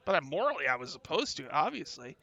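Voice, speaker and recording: A man's voice: a little high, very animated, quick pace, gravelly, bright, forceful tone, highs cut off, pitched below the performer's own voice, exaggerated voice. A man voicing a twitchy, drug-addled male street dog who rambles in slang and gets defensive, in a tabletop game. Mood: rambling. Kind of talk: in-character role-play.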